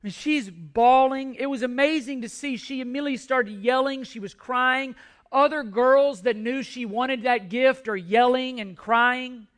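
High bright-voiced male pastor preaching. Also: a little slow. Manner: earnest storytelling with frequent restarts. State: emotional at times. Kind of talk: sermon.

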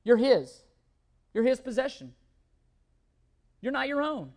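A man's voice: extremely high pitch, very animated, slow pace, a little mellow. A man preaching a sermon as pastor, emphatic, often repeating words and asking rhetorical questions.

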